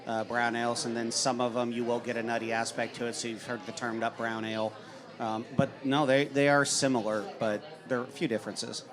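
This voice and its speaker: A man who is the guest beer expert, calmly explaining beer styles on a live podcast. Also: mid-range voice, music in the background. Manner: measured, informative. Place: bar with live audience.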